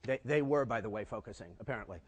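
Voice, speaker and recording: An older man giving a conference talk, telling lively stories and tossing rhetorical questions at the audience. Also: mid-range voice, fast. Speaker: keynote speaker. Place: conference hall before a live audience. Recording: long reverb of a large hall.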